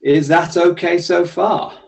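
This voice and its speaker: A man leads a seated workout with a friendly, encouraging manner, giving clear step-by-step cues. His voice sits a bit high for a man. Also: fairly even intonation, slow, darkish tone, highs cut off. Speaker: exercise instructor. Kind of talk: leading a seated workout class.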